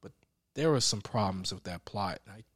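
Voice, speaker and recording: A man co-hosting a casual chat, telling stories with loud laughing outbursts and mimicked voices. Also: on the low side, lively intonation, moderate pace, husky, no room sound, studio quality. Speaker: podcast co-host.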